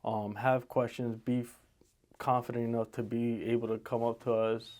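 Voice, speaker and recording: A man's voice: medium pitch, flat delivery, moderate pace, a little mellow. A man in his twenties from the Dominican Republic, co-hosting a casual podcast in a laid-back, joking way. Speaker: podcast co-host, realtor. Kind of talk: casual chat.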